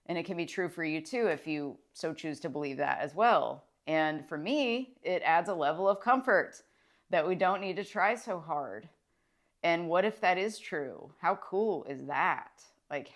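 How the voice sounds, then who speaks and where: A woman, a social worker, talking casually and enthusiastically to camera about mindset, rambling with fillers and restarts. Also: low-pitched. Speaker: licensed clinical social worker and mindset vlogger. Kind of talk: casual motivational talk to camera.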